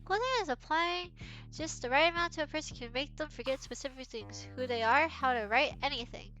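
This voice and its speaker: A woman's voice: sits high, fairly quick, bright, forceful tone, highs cut off. A woman streamer reading all the parts of a comic fan dub, breaking into giggles often.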